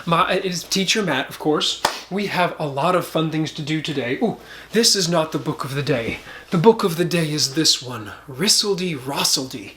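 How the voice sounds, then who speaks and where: A woman's voice: sits low, animated, normal speed, a bit bright. A woman leading a children's music lesson in a cheerful, playful way, talking straight to the kids.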